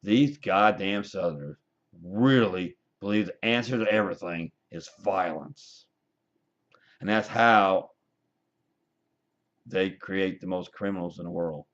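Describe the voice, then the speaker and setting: A man's voice: low-pitched, measured pace, long pauses, highs cut off. A man delivering a profane, combative, preachy rant to his webcam. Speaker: vlogger. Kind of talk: ranting webcam monologue.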